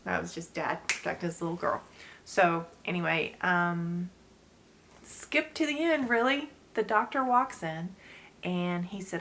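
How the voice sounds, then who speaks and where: A woman's voice: fairly low pitch, measured pace, a bit bright. Chatty woman telling her story laughing. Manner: chatty, laughs often, speaks directly to viewers. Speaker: channel host sharing her story. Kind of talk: casual storytelling to camera.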